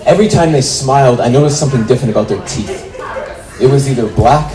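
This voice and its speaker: A man's voice: medium pitch, fast talker. A man in his twenties performing a stand-up comedy set on a club stage, acting out the voices in his stories. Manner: animated, acts out voices in quotes. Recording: roomy club with faint noise.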